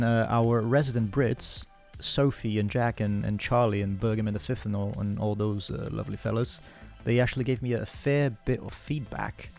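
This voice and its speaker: A man's voice: on the low side, fairly even intonation, moderate pace, creaky, few pauses, a little mellow, soft background music. A man streaming a game in casual commentary, chatting and laughing in a put-on British accent, swearing when things go wrong.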